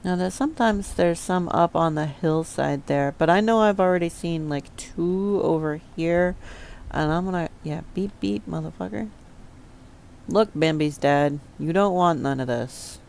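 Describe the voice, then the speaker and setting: A woman's voice: fairly low pitch, measured pace, vocal fry, darkish tone. A woman streamer chatting to herself as she plays, casual and prone to swearing under her breath. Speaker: game streamer. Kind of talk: casual gameplay commentary.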